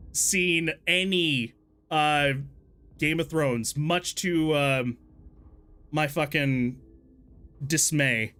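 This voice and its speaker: A man's voice: a little high, sharp tone. A man streaming a story game, rambling casually, swearing freely and laughing at himself. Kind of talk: casual let's-play commentary.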